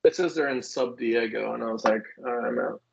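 A man's voice: medium pitch, brisk, gravelly, lo-fi sound, slight background noise. A man co-hosting a casual podcast chat, laughing often and full of fillers as he acts out quotes. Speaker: podcast co-host. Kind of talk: casual chat about comics.

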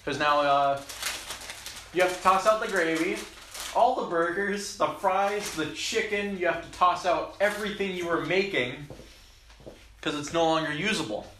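Sitting high, pushed and bright, this young man's voice moves at a moderate pace as he chats casually as a guest. He tells his story in lists, full of fillers, picked up by a distant mic in a roomy space with obvious background noise.

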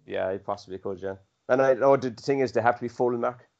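A man's voice: mid-range voice, gravelly, a little mellow, highs cut off. A man with an Irish accent co-hosting a podcast in casual, teasing banter. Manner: rapid, teasing, dry. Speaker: podcast co-host.

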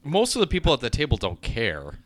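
A man co-hosting a podcast in casual chat, exasperated and trailing off into quiet mumbles. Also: medium pitch, wildly swooping pitch, fairly quick, slight background noise. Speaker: podcast co-host.

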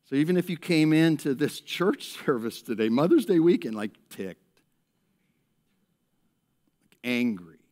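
A male pastor preaching a lively sermon to his church, acting out people in a raised voice and dropping to a hushed tone in prayer. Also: on the high side, a little slow, pauses often. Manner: animated, acts out characters in raised voice, drops to hushed prayer. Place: church service.

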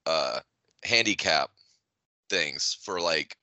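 Deep, bright-toned laughing male co-host. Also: lively intonation, no echo. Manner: quick reactions, laughs a lot, offhand. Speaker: podcast co-host. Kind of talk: casual crude chat.

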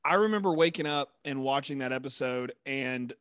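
A man co-hosting a podcast in casual chat, playful and excitable with jokey asides. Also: medium pitch, moderate pace, smooth, dry recording, studio quality. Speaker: podcast co-host.

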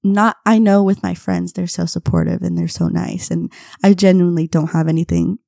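A young woman hosting a podcast, telling a casual story with frequent laughs and quick impressions of her friends. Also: fairly low pitch, steady tone, vocal fry, dark tone, dry recording, studio quality. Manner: chatty, laughs often, mimics friends in quotes. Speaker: podcast host.

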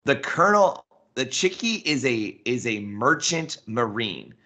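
A man's voice: mid-range voice, very animated, unhurried, sharp tone. A man co-hosting a casual history podcast, explaining details and reading passages from a book aloud. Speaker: podcast co-host.

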